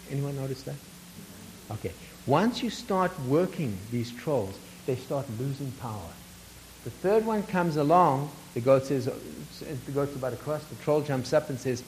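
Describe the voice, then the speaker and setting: A man facilitating a workshop speaks in an easy middle register. He retells a folk tale to make a point, laughs softly between phrases, and keeps checking in with the group. A faint hiss sits under his voice. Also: medium pitch, poor audio. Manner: chuckles often, asks the group questions. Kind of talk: teaching a workshop with storytelling.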